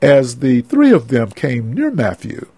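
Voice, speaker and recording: A man's voice: medium pitch, huge pitch swings, measured pace, mellow, husky, poor audio. A man reading a story aloud in a plain, earnest storybook narration.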